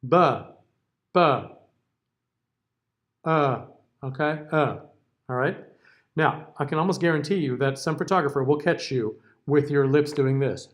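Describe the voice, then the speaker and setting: American diction teacher, casual okays. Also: male voice, a little high, normal speed. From United States. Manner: casual, checks in with frequent "okay?"; models vowel sounds aloud. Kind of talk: recorded class lecture.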